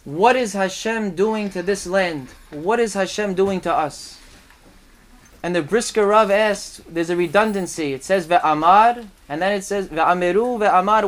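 Man preaching, high voice, rhetorical questions, emphatic storytelling. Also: a bit bright. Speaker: rabbi giving a talk. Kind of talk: sermon.

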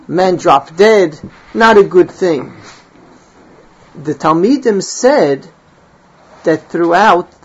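A man's voice: on the high side, slightly rough, highs cut off. A man teaching a Talmud class, reading Hebrew and Aramaic phrases and explaining them in English.

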